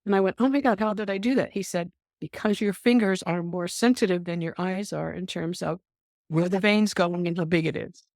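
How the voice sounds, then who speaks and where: In an interview, an older woman who works as a nurse tells animated stories, performing the voices she quotes and saying "um" a lot. Her lowish voice moves a little fast, with clean studio sound and no echo.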